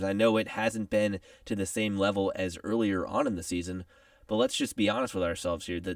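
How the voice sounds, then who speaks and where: A man's voice: fairly low pitch, gravelly, dry recording, studio quality, far from the mic. A young man co-hosting a sports radio show, talking casually and conversationally with a joking touch. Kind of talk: sports talk analysis.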